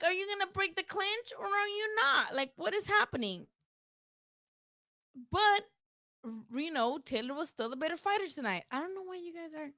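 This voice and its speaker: A woman's voice: high voice, pushed and bright, no room sound. A woman hosting a casual post-fight livestream, talking bluntly and profanely while answering her chat. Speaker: boxing livestream host.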